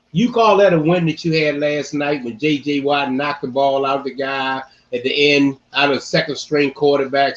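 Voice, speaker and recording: A man hosting a casual sports-talk podcast, animated and repeating phrases for emphasis. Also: medium pitch, highs cut off. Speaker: podcast host.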